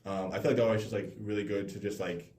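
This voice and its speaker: A man's voice: on the low side, steady tone, fast talker, darkish tone. A young man hosting a casual podcast chat, telling stories in a loose, filler-heavy way. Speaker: podcast host. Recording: roomy echo.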